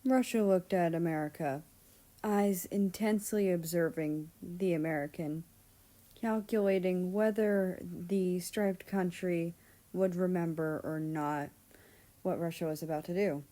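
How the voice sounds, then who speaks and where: A woman's voice: lowish voice, steady tone, unhurried, dark tone. A woman reading fan fiction aloud, narrating casually with offhand asides and the odd swear word. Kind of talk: storybook narration.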